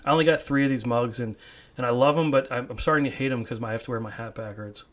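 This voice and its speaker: A young man hosts a casual podcast indoors from his home man cave, rambling, laughing easily, and often repeating his words. His mid-range voice keeps fairly even intonation at a quick pace.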